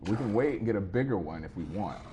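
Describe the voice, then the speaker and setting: Low-voiced man chatting on a game stream. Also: lively intonation, fast, mellow, a little hiss or hum. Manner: easygoing and rambling, answering chat as he plays. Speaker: streamer playing a game live. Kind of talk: casual live-stream chat with viewers.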